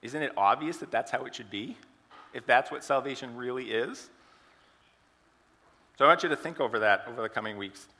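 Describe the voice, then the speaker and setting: A man's voice: medium pitch, brisk, long pauses, sharp tone, in a large hall. A man giving a sermon, telling an illustrative story and asking the congregation questions. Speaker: preacher.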